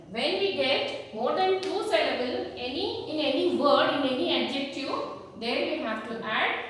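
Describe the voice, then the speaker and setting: A high-pitched woman teaches a grammar class at a slow, deliberate pace, repeating herself and putting questions to the children. Her voice comes from a distance in a very echoey room with a long reverb. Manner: repeats points and quizzes the children. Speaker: school teacher. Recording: echoey hall, distant mic, faint noise.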